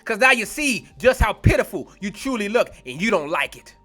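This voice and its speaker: A man preaching a fiery online sermon, blunt, confrontational and profane, slowing down to stretch key words for emphasis. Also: high voice, big pitch swings, sharp tone, faint music behind.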